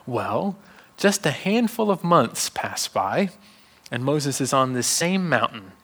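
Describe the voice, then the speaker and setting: A man's voice: medium pitch, big pitch swings, slow, a bit bright. A man preaching a sermon in a conversational style, joking and asking the congregation questions.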